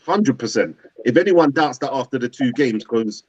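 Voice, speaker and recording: A man's voice: mid-range voice, normal speed, husky, no room sound. A man talks football in a casual, slangy way, often doubling up his words as he goes. The sound is dull and dry, with little room around it. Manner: animated, slangy, repeats words. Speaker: co-host of a football fan show. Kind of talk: casual chat.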